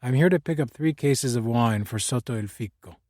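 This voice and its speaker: A man reading the lines of a middle-aged former detective, calm and polite. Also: medium pitch, moderate pace, no room sound, studio quality, lightly acted.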